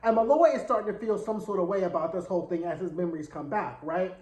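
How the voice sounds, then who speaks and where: A man's voice: sits high, fast talker, darkish tone. A man giving a casual episode recap. His retelling is chatty, slangy and dramatic. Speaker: TV show reviewer. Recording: echoey room.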